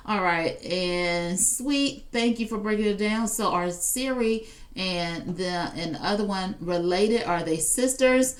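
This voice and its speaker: A woman's voice: on the low side, slow pace. Chatty woman hosting a live shopping stream. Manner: chatty, addresses viewers directly, reads out chat comments. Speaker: live shopping show host. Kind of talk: casual live-stream product demo.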